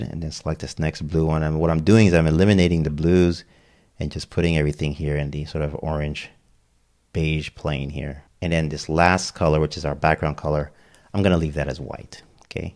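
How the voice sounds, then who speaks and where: A man's voice: extremely low pitch, fairly even intonation, a little fast, a little mellow. A man walking through a website builder step by step in a casual screen-recorded tutorial, checking in with "okay?" as he goes. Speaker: web design tutor.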